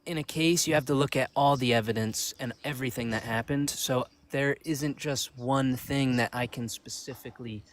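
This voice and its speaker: Male debate guest, mid pitch, hesitant, rambling delivery. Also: fairly even intonation, normal speed, few pauses. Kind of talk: livestream debate.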